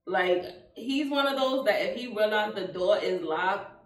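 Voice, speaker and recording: A woman's voice: medium pitch, unhurried. Woman host, outspoken and emphatic, echoey room, distant mic. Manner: lively, emphatic, swears freely, asks guests questions. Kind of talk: candid casual chat.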